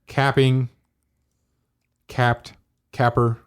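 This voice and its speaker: A man's voice: mid-range voice, level tone, very slow, clear, resonant tone. A man co-hosting a casual podcast chat, joking and playing with words. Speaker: podcast co-host.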